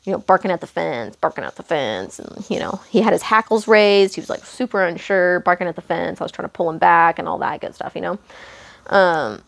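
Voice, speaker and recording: A young woman hosting a podcast, telling a casual story in a rambling way, correcting herself often and filling pauses with um and you know. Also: fairly low pitch, lively intonation, gravelly, a bit bright. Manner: rambling, self-correcting, lots of fillers and asides. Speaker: podcast host.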